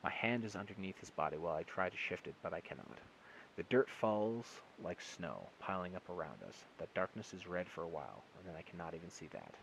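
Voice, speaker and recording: A man reads a short story aloud in one unedited take, now and then stumbling and restarting a word. His voice is very deep and low. A faint hiss from the phone recording sits underneath. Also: lively intonation, brisk, gravelly, a bit bright, low-quality recording. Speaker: amateur audiobook reader.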